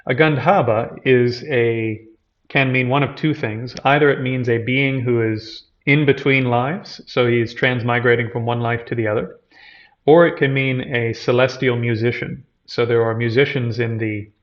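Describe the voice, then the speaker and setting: A man's voice: mid-range voice, steady tone, moderate pace. Man teaching, dull lo-fi recording. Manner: storytelling that retells a scripture scene and explains its terms. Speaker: lecturer on Buddhism. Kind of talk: explanatory teaching talk.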